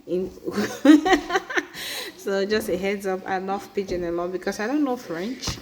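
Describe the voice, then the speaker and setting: A woman from Cameroon with a Cameroonian accent, vlogging in a chatty way, often asking "right?" and filling pauses with "um". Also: mid-range voice, lively intonation, noisy background. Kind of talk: casual personal vlog.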